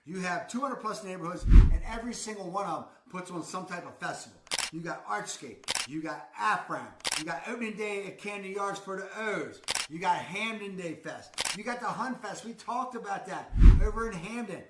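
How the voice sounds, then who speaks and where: Upbeat male vlogger, Baltimore accent, pitched high; roomy, noisy recording. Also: lively intonation, normal speed, few pauses. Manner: upbeat, hyped, shouts out exclamations. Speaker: real estate vlogger. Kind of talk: enthusiastic local promo vlog. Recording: echoey room with loud background noise.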